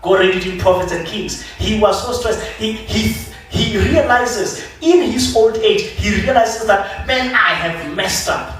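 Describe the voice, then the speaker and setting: Animated preacher in an echoey church. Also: male voice, high voice, measured pace, few pauses. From South Africa. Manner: animated storytelling, acting out biblical figures. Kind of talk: sermon. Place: church sanctuary. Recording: echoey church hall from far off.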